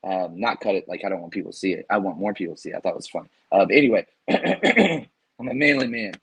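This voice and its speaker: A man hosting a sports podcast, excitedly talking through matchups and reading fan comments, his voice strained from screaming. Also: deep voice, very fast, slightly rough. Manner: hyped, animated, reads fan super chats. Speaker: podcast host.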